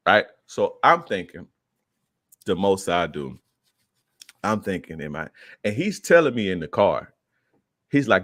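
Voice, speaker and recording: A man's voice: sits low, sing-song, unhurried, long pauses, fairly bright tone, dry recording, clean studio sound. A young man, a podcast guest, casually telling a profane street story and acting out the quoted lines in a raised voice.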